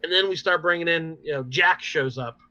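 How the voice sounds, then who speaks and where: A man hosts a casual podcast chat, his voice on the high side and bright, almost tense. He recaps episodes in a lively, rambling way, full of fillers and little laughs. The recording is dry and dull, like a lo-fi mic. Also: fairly quick, no room sound. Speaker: podcast host.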